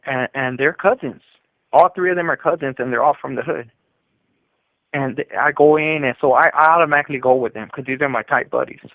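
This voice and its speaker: A man's voice: a little high, dry recording. A man telling his own story in a rambling, casual way, full of fillers and quoted back-and-forth, recorded over a prison phone call.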